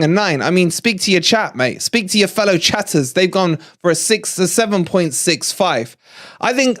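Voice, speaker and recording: A middle-aged English man hosting a live fan-channel match review, excitable and gloating, out of breath, chatting with his viewers. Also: high-pitched.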